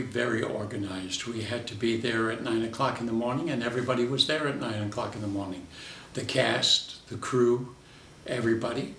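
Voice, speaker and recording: An older man, a veteran character actor, telling lively anecdotes from his career in an interview and acting out the voices in his stories. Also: medium pitch, roomy sound, recorded from a distance, a little hiss or hum.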